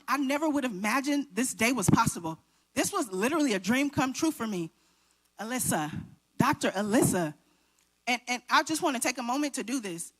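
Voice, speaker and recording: A woman in her thirties gives an award acceptance speech in a slightly high voice. She sounds nervous and shaky but heartfelt, and she calls out to the audience as she talks. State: shaking. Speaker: award recipient giving a speech.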